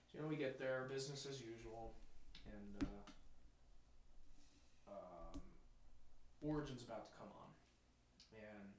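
A man's voice: lowish voice, measured pace, pauses often, distant mic, slight background noise. A young man hosting a podcast, telling a profane, rambling story in casual chat. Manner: profane, rambling, acts out quotes. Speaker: podcast host. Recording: roomy echo.

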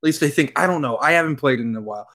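A young man co-hosting a podcast, chatting casually while reacting to a film and breaking into loud laughs. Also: on the high side, rapid-fire. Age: young adult. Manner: excitable, laughs loudly. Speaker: podcast co-host.

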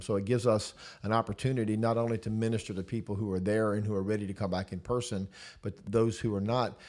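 A man, a pastor, chatting casually about his church, relaxed and laughing easily, with many fillers. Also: lowish voice. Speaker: senior pastor. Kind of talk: casual chat.

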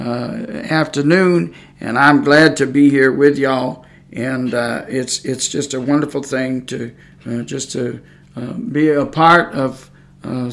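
A man's voice: on the high side, creaky, fairly bright tone. A man, preaching on a podcast in a folksy, rambling way with many fillers. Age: 60s. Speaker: pastor podcaster.

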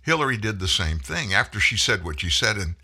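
A man's voice: lowish voice, very animated, a little fast, vocal fry, pushed and bright, slightly rough. A man hosting a political commentary show, delivering an opinionated monologue with mocking, folksy asides.

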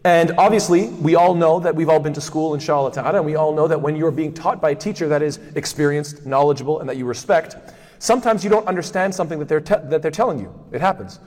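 A man teaching a religious lesson who keeps posing rhetorical questions, stumbles through doubled fillers and restarts, and recites verses quickly. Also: fairly high pitch, darkish tone. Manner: asks himself rhetorical questions ("what?"). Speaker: Islamic studies teacher. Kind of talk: lecture on hadith. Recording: long hall reverb.

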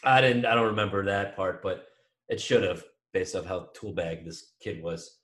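A man in his twenties, co-hosting a podcast, telling a long story in a lively, animated way and swearing now and then. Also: low voice, moderate pace, reverberant. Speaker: podcast co-host. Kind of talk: casual chat.

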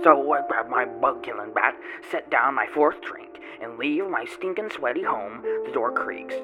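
A man's voice: medium pitch, close to an everyday voice, low-quality recording. A man playing a rambling grubby tomato grower. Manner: rambling folksy storytelling with odd grammar. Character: grubby boastful male tomato grower, a drinker. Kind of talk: first-person character monologue. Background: music.

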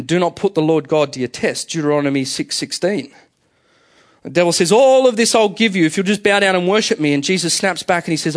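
A man preaching a sermon in church, talking conversationally and asking the congregation questions. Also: on the high side. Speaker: pastor.

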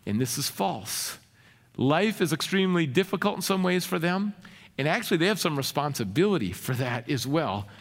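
A man delivers a sermon in an earnest pastor's manner, often turning to the congregation with rhetorical questions. His voice sits a little high and swings widely in pitch. A long reverb trails after each phrase, as in a big hall. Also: very animated, moderate pace.

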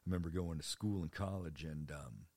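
A storyteller in his thirties, speaking fairly quickly with no echo, tells rambling personal stories in a casual, animated way. He keeps jumping into high-pitched voices for the other people in them.

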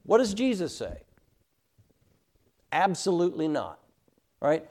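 A middle-aged man teaches a Bible class with emphatic conviction, often checking in with his listeners. His voice sits high and rises and falls widely as he reads verses slowly and stresses each word. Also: wildly swooping pitch, a little mellow. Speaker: Sunday school teacher.

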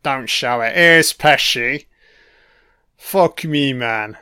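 A man's voice: medium pitch, drawn-out words, pushed and bright, clean tone. A man hosting a casual audio commentary over a film, with laid-back, profane running remarks.

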